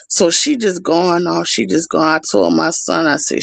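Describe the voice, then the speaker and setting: A middle-aged woman on a livestream, telling a story in an animated, casual way straight to her viewers. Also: lowish voice, moderate pace, vocal fry, hardly any pauses, no room sound. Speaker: livestream host.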